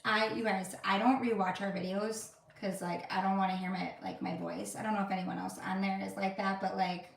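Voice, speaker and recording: A woman from Wisconsin, USA co-hosts a family live stream, chatting casually with a giggly, self-deprecating manner. Her medium-pitched voice is flat, brisk and gravelly with hardly any pauses. The distant mic picks up an echoey room and a little hiss or hum.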